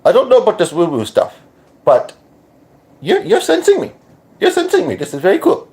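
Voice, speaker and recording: A man's voice: high-pitched, huge pitch swings, normal speed, voice pushed up, heavily acted. A man putting on a wry spirit. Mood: amused. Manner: gentle, wry, put-on accent. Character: friendly deceased man in his early forties from India.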